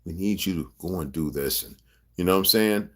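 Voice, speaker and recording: A man's voice: sits low, a little fast, background noise. A man talking straight to his viewers in a rambling, emphatic, profanity-laced monologue, often checking whether they follow him. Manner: profane, emphatic, conspiratorial rant. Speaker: video blogger.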